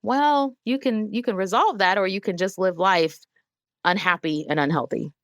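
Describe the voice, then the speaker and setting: A woman in her thirties, a guest on an interview show, speaking candidly and earnestly, growing animated when she quotes other people. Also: medium pitch, moderate pace, no room sound, studio quality. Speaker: guest, emotional wellness advocate.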